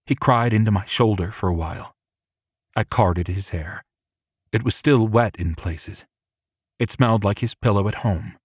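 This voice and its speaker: A man reading a novel aloud as a first-person audiobook narrator, in a slow and measured way. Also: lowish voice, breathy edge, dry recording, studio quality.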